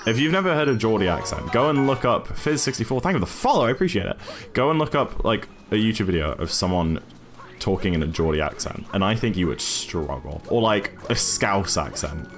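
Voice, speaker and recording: English guy from newcastle just rambling on stream, low voice, bounces around a lot. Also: very animated, fairly quick, over music. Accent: English, mixed northern and southern. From Newcastle, England. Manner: rambling, chatty, frequent restarts and fillers. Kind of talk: casual chat while gaming.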